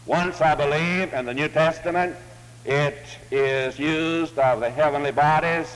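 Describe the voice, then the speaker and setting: A man preaching a sermon, telling an illustrative story in a measured, deliberate way. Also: fairly high pitch, in a large hall, rough recording.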